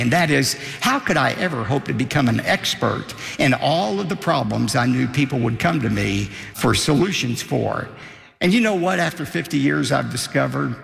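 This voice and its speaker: An older man, a pastor, preaching a sermon with emphatic rises and drops in a gravelly voice. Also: mid-range voice, fairly bright tone, roomy sound, big-room sound.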